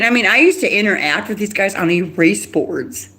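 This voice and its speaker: A woman's voice: mid-range voice, lively intonation, fairly bright tone. Rambling, agitated woman on a live stream. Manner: rapid, agitated, with restarts and laughs. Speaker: livestreamer.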